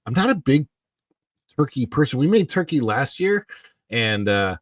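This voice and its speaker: Here the middle-aged home livestreamer again greets chat viewers at a slow, sleepy pace, filling his rambling with fillers, his clip-on mic placed close beneath his face. He sounds medium-pitched and very animated, with no echo.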